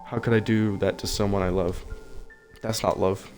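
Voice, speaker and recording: A man reading aloud the lines of a desperate, lovesick teenage girl from a game, in a plain, flat voice. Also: on the low side, normal speed, over music, lightly acted. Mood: remorseful.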